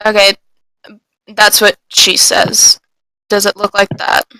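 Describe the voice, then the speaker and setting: A woman's voice: medium pitch, monotone, slow, sharp tone, dry recording, rough recording. A woman playing a tabletop game who speaks hesitantly with many fillers. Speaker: player. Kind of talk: casual tabletop game talk.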